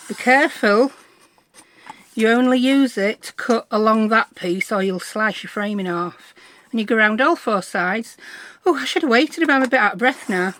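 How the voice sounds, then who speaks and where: A woman's voice: on the high side, a bit bright. A middle-aged woman, chatting through a crafting tutorial in a bubbly, self-deprecating way. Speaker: craft vlogger.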